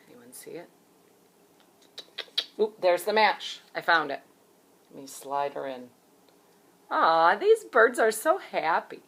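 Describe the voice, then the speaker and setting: A woman's voice: on the low side, fairly bright tone. A woman teaching a children's phonics lesson as a preschool teacher, cheerful and encouraging as she speaks to young children.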